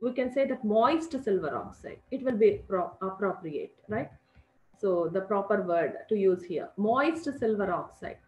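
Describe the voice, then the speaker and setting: A woman's voice: medium pitch, lively intonation, measured pace, darkish tone. A middle-aged woman with an Indian English accent teaching a chemistry lesson, repeating key points and calling her students children. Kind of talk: classroom lecture. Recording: echoey lo-fi room recording.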